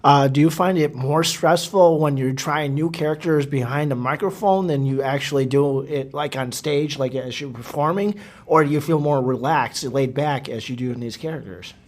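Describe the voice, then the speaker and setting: A man's voice: medium pitch, normal speed, a little mellow. A man interviewing voice actors, asking long questions and rephrasing them as he goes.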